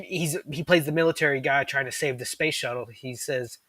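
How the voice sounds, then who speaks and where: A man's voice: on the high side, fast, pushed and bright, slightly rough, no room sound. A man co-hosting a podcast, chatting with enthusiasm, rambling with lots of fillers and restarts. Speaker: podcast co-host. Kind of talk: casual chat.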